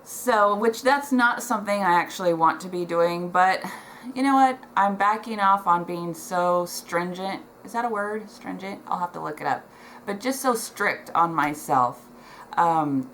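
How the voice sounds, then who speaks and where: A woman's voice: lowish voice, fairly bright tone, slight background noise, low-quality recording. A middle-aged woman vlogging from home, talking to the camera in a heartfelt, emotional way, with many ums and restarts. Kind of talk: casual chat to camera. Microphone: camera in front, reading notes below it.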